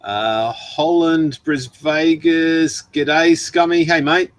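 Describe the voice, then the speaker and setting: A man's voice: fairly high pitch, steady tone, takes it slowly, no echo. Chatty Australian man, dry sound. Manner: chatty, reads viewer messages aloud with frequent laughs and ums. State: throat worn from long talking. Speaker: livestream host. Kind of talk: casual live-stream chat.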